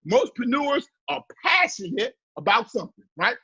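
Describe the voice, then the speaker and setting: High-voiced, husky motivational man. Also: very animated, normal speed, bright, forceful tone, lo-fi sound. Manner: preachy and emphatic, repeats key phrases, talks to the viewers. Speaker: business coach. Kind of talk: motivational livestream lesson.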